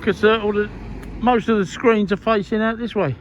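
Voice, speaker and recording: A man's voice: high-pitched, fairly even intonation, moderate pace. A man filming outdoors on an industrial estate, making wry, chatty asides into a handheld camera mic. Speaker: vlogger filming in public. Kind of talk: casual running commentary. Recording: dull lo-fi sound, clear street noise.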